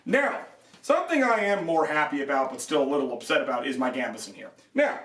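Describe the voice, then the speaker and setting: A young man vents his frustration in a product review, swearing now and then, his somewhat high voice swinging widely and spiking in disbelief. He sounds a little distant from the camera mic. The room around him is echoey. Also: very animated, fairly quick, fairly bright tone. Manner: exasperated ranting, voice jumping high in disbelief, swearing. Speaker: armor reviewer.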